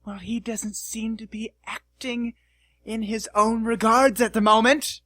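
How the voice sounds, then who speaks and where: A short-tempered dwarf captain of the guard storms in, bellowing every line in a strained, raised voice, as a man puts him on. He is gruff and blustering, with a bright, forceful tone in a dry, close recording. The delivery is loud enough to tip into shouting. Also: high-pitched, little pitch movement, a little slow, no room sound, voice pushed up.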